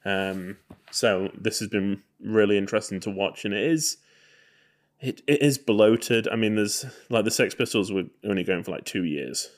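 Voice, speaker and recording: A man's voice: fairly low pitch, moderate pace. A man co-hosting a podcast, talking in a chatty, rambling way with many ums. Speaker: podcast co-host. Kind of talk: casual podcast chat.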